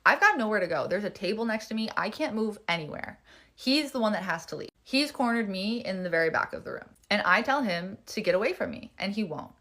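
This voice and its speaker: A woman's voice: mid-range voice, expressive, brisk, pushed and bright. Woman ranting thru a storytime, fired up, swears a lot, talks to camera. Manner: heated, emphatic retelling with swearing.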